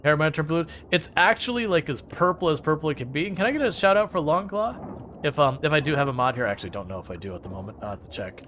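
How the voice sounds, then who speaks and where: A chatty male streamer rambles through a game at a desk mic, his pitch rising and dropping as he talks to chat. He drifts into sarcastic asides in a casual, unscripted way. A faint hiss sits under the recording. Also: very animated, fast talker, fairly bright tone. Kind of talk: casual live-stream chat while playing.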